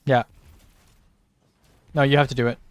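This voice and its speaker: A man's voice: medium pitch, flat delivery, normal speed, smooth, no room sound. A man streaming a video game, trading blunt, profane, joking banter with his teammates. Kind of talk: casual gaming banter with teammates.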